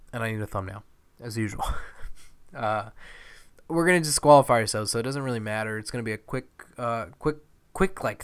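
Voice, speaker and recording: A man with a mid-range, slightly bright voice commentates over a wrestling video game in a let's play. He's playful and jokey and swears a lot.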